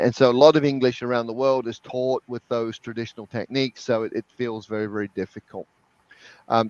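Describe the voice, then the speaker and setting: A man's voice: mid-range voice, no echo, lo-fi sound. A man guest in a webinar interview, explaining with energy and often repeating words as he talks. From New Zealand. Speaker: guest language expert.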